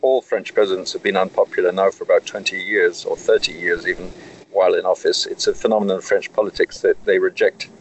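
A man answering interview questions in a measured way, often pausing and restarting as he explains. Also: sits low, steady tone, slight background noise, poor audio. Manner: measured, with frequent hesitations. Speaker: correspondent in France.

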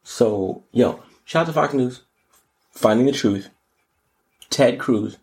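A man hosting a casual comedic news podcast, slangy and animated, often jumping into high mocking voices. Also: slow. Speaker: podcast host.

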